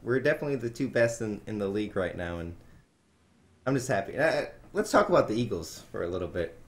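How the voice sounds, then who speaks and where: A man from Wisconsin hosting a casual podcast, talking excitably and swearing a lot. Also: lowish voice, quick pace. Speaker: podcast host.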